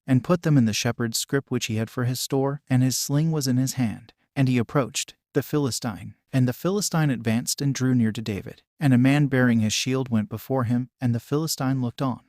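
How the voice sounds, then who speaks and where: A man narrates scripture as an audiobook, in a measured and even reading. The sound is dry and close, with no room around it. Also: medium pitch, no echo.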